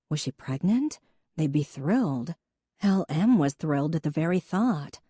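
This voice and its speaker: Woman narrator, steady measured audiobook read, low and mellow, dry close sound. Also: dry recording. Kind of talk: scripted narration.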